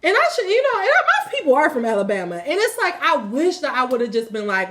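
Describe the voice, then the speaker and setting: Animated, high-voiced woman telling a story. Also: fast, hardly any pauses. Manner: animated, swearing freely, colloquial. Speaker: spiritual reading host. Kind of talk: casual storytelling to viewers.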